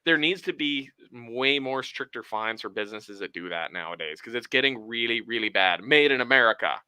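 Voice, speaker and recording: A man's voice: mid-range voice, moderate pace, clean tone, no room sound, low-quality recording. A man on a casual podcast chat, talking bluntly with lots of swearing, from Canada. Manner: blunt and profane, animated.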